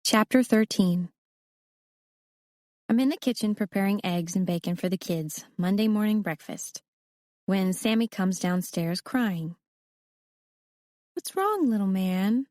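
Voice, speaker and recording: A woman narrating a novel in the first person in a steady, conversational storytelling manner. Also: mid-range voice, unhurried, no echo, clean studio sound. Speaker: audiobook narrator.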